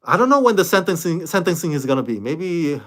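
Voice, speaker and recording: Animated man with a fairly high voice. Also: fast. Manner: animated, laughing, many fillers and restarts. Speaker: YouTube reaction host. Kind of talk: casual commentary to camera.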